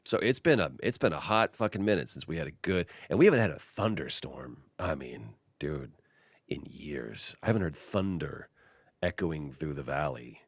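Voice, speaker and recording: A man with a very low voice chats casually as a podcast host. He tells animated stories and slips into the voices of the people in them. The sound is dry and close to the mic. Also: normal speed, slightly rough, no room sound. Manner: animated storyteller, acts out quotes. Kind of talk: casual chat.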